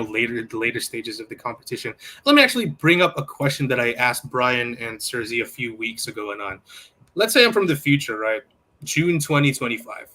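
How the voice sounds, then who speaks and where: A man with a bright, forward-sounding voice hosts a casual sports talk show. He poses questions to his panel and often stops to rephrase mid-sentence. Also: mid-range voice. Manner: asks questions, hesitant restarts. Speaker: podcast host.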